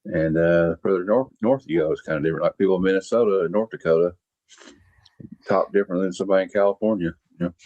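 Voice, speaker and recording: Slow-drawling Southern US man. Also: deep voice, darkish tone, no echo. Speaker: panelist. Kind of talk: casual chat. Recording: dull lo-fi mic.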